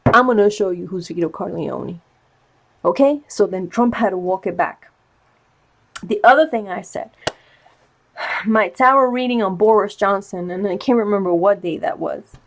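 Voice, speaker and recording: A woman's voice: medium pitch, moderate pace. A woman tarot and cup reader talking in a casual vlog, insistent and getting worked up, repeating herself for emphasis. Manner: excited, insistent, gets worked up.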